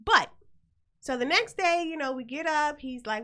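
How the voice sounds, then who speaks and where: High, bright-voiced woman telling a story. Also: normal speed. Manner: animated, profane and blunt. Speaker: host. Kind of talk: casual storytelling chat.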